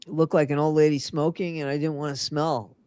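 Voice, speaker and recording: A woman's voice: low-pitched, flat delivery, a little fast, mellow, dry recording. Drowsy older woman, dry close voice. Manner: rambling, trails off, repeats herself. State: sleepy after working nights. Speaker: co-host of a livestream chat show. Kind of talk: casual chat.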